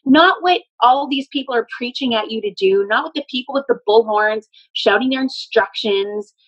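Channeling a spirit during a casual spoken session, a woman medium relays messages in an emphatic way. Her voice is fairly high and fairly bright, at a moderate pace, and the audio sounds lo-fi.

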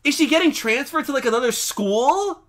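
A young man excitedly reacting to a cartoon episode in slangy, casual commentary, laughing often. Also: extremely high pitch, brisk. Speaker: reaction video host.

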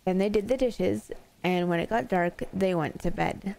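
A woman's voice: mid-range voice, normal speed, creaky, darkish tone. A woman streamer casually reading spooky stories aloud to her chat, playful and laughing easily between stories. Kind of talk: casual storytelling to a live chat.

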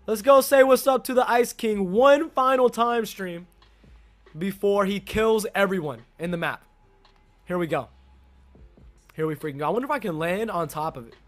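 High-voiced excitable young male streamer. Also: moderate pace. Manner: excitable, greets chat by name, slangy. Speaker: game streamer. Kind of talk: live gameplay commentary.

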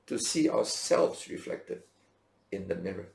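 A male pastor preaches with a gravelly, creaky edge to his voice, his pitch leaping up and down as he tells the story and acts out the dialogue. He is heard in an echoey room. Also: slow, long pauses. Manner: animated storytelling, acting out dialogue with big pitch swings. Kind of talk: sermon.

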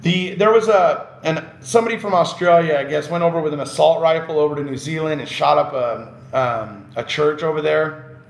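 A man's voice: on the high side, normal speed, vocal fry. A man hosting a casual live stream, reading chat messages, laughing often and getting passionate when he rants. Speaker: livestream host. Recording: roomy echo.

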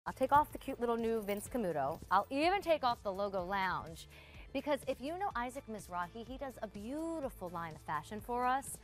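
A woman hosting a live home shopping show, chatting warmly and gushing about clothes to viewers. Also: fairly high pitch, very animated, a little fast, faint music behind. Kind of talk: live TV sales pitch.

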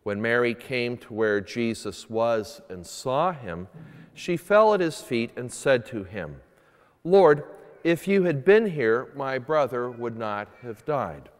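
Speaking slowly and animatedly at medium pitch, a priest reads the gospel and gives his Sunday homily, earnest and emphatic in his questions. Long reverb fills the echoey church.

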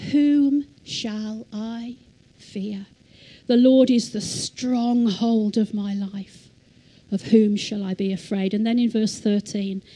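A woman preaches a sermon in a church, her voice mellow and fairly high. She reads scripture very slowly, stressing each phrase, and invites the listeners to say the lines back with her. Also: low-quality recording. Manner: slow, emphatic scripture reading, leads congregation in repeating. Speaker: church teacher. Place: church hall.

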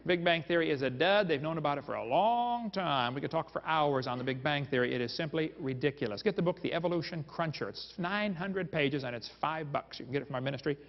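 A man's voice: on the high side, expressive, fast, few pauses. A man giving a joking, folksy seminar lecture to a live audience, full of quips aimed at the crowd. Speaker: creation seminar speaker. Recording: dull, reverberant hall recording.

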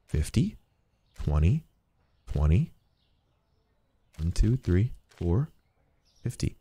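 A man's voice: low voice, very animated, extremely slow, pauses often, mellow, slightly rough. A young man streaming a game, chatting playfully as he plays a shopkeeper and jokes with customers. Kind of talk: let's-play commentary.

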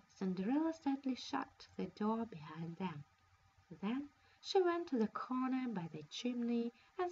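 A woman, a native Russian speaker, reading a fairy tale aloud in a careful, expressive storytelling manner. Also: medium pitch, slightly rough. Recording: dull lo-fi recording.

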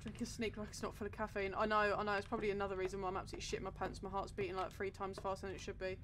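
A woman's voice: medium pitch, completely flat delivery, racing, fairly bright tone, a little hiss or hum. A young woman streaming a horror game, talking herself through it in a nervous, jumpy running commentary full of swearing.

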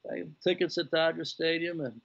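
A man in his sixties telling an animated story on a remote interview, acting out the dialogue of the people in it. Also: a little high, brisk, vocal fry. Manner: animated anecdote-teller, acting out quoted dialogue. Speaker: guest, former baseball executive. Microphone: video call. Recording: lo-fi video call audio.

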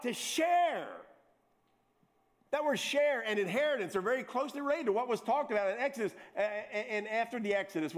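A middle-aged pastor with a fairly high voice delivers a sermon. He breaks off for playful jokes aimed at his congregation, then presses back into his point with repeated words and quick restarts. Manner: lively, joking asides to the congregation.

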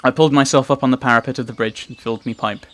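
A man's voice: medium pitch, steady tone, racing, fairly bright tone. Playful man reading game text aloud. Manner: playful, chatty. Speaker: let's play host. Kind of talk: reading game narration with asides.

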